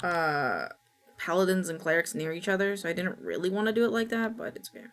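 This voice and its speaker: A woman's voice: on the low side, sing-song, brisk. A woman streamer chatting casually with her viewers, telling rambling stories and swearing casually. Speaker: Twitch streamer.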